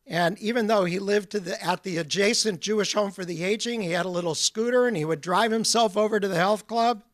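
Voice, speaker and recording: A man's voice: high voice, a little fast, no echo, studio quality. A man giving a lecture as a guest speaker, telling stories with humor. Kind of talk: storytelling lecture.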